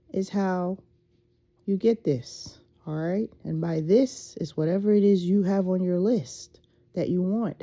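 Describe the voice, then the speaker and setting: A woman who has just woken up talks slowly and unhurriedly, her voice dark and mellow. She rambles through a casual spiritual pep talk recorded on her phone, circling back on herself with lots of fillers. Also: medium pitch. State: just woke up. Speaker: faceless content creator.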